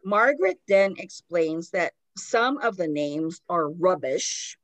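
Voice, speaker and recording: A woman hosting a podcast talks through a story in a relaxed, conversational way. Her voice sits on the low side and is scattered with "like" and "kind of." The sound is close and dry, with no room echo. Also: slow pace. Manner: retells a story loosely, with many "like" fillers. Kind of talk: casual storytelling chat.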